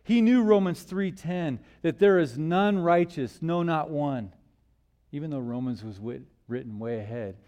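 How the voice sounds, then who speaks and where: A man preaching a sermon in church, asking rhetorical questions and swinging between loud emphasis and hushed lines. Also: a little high, lively intonation, unhurried.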